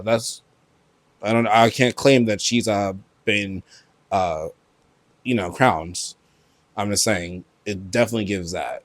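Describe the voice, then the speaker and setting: A man from Brooklyn hosting a solo podcast, talking in a profane, animated way with loud outbursts and laughter. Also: fairly low pitch, no echo. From Brooklyn, New York. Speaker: podcast host. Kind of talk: solo casual podcast chat.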